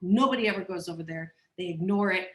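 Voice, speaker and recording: A woman who is a psychologist and coach, a guest on a podcast interview, telling personal stories in a candid, animated, expressive way. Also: lowish voice, quick pace, roomy sound. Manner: animated, expressive, acts out voices, laughs often.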